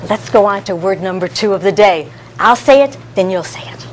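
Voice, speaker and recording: A woman leading a classroom lesson for young children, coaxing them through call-and-response in an animated, sing-song way. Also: medium pitch, normal speed, a little hiss or hum. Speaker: early childhood educator.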